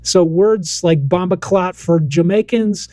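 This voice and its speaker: A man with a fairly high voice co-hosts a casual podcast chat, telling stories in an animated way and acting out what people said. The sound is dry and close, with no room around it. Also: unhurried, no echo. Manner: animated storyteller, acts out quotes. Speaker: podcast co-host.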